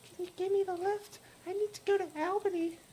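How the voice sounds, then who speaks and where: A man voicing a listless, absent-minded young woman hitchhiker in a high, soft, distant falsetto. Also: flat delivery, fairly quick, a little hiss or hum.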